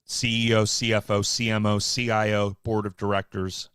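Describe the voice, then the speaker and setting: A man hosting a live stock market show, talking casually with wry, offhand asides and quick bursts. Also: lowish voice, flat delivery, a bit bright, clean tone, no room sound, studio quality. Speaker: market livestream host.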